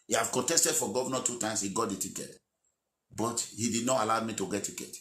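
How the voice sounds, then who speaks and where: A man's voice: lowish voice, steady tone, fast, fairly bright tone, roomy sound, slight background noise. A man, an aggrieved politician giving an emphatic speech. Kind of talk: recorded speech.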